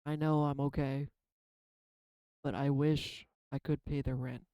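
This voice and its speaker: A man's voice: mid-range voice, level tone, measured pace, dark tone, clear, resonant tone, no echo, poor audio. A man in a casual spiritual vlog, pulling and reading oracle cards, talking in a reflective and rambling way, emotional and swearing now and then. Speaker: tarot card reader.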